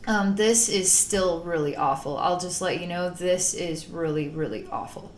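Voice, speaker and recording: A woman's voice: fairly low pitch, normal speed, roomy sound, slight background noise. A woman psychic talking through a spiritual healing session in a rambling, emotive way, at times acting out panicked voices. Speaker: psychic channeler.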